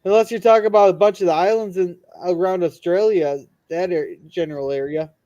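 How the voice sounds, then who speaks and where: A man hosting a casual live stream, reading viewer comments aloud and chatting in a rambling, halting way with many restarts. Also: sits high, fairly even intonation, warm tone, highs cut off. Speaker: livestream host reading chat comments. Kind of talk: casual chat and joke telling.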